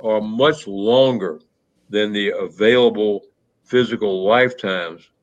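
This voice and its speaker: Man, lower register, hesitant storyteller, muffled recording. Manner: halting, many restarts and fillers. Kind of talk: reflective conversational storytelling. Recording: muffled low-fidelity audio.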